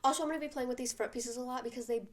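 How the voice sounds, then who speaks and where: Animated teenage girl venting a story. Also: a little high, rapid-fire. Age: teens. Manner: animated, venting, many fillers. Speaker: vlogger. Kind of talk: casual storytime vlog.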